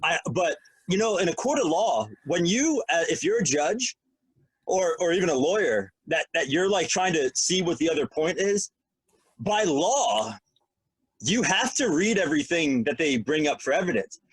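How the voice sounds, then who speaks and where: Raspy guy rambling on a podcast, voice jumping all over, real dry sound. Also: fairly high pitch, normal speed, no room sound. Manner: rambling, joking, animated. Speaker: podcast co-host. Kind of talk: casual podcast chat.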